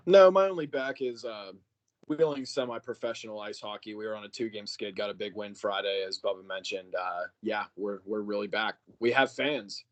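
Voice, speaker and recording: A man's voice: lowish voice, steady tone, a little fast. Easygoing man chatting on a podcast. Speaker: podcast co-host. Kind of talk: casual chat.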